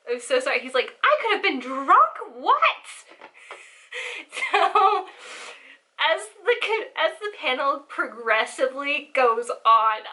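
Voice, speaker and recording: Giggly chatty girl in her 20s, high bright voice, rambles on telling a story. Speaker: vlogger. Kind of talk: casual storytelling.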